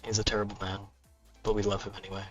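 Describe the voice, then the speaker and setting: A man's voice: on the low side, completely flat delivery, very fast, soft background music. A man chatting casually on a live stream while he draws, self-mocking and often muttering or whispering to himself as he works. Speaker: artist and author streaming his drawing.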